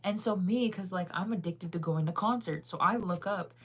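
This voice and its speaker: A woman's voice: fairly low pitch, normal speed, slightly rough. Chatty young woman livestreaming. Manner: chatty, laughs often, reads chat aloud. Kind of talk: casual chat reading viewer comments.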